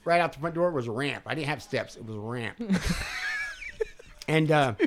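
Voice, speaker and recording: A man's voice: mid-range voice, lively intonation, normal speed, background noise. A man co-hosting a podcast, telling a rowdy, profane story in casual chat and laughing often. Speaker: podcast co-host.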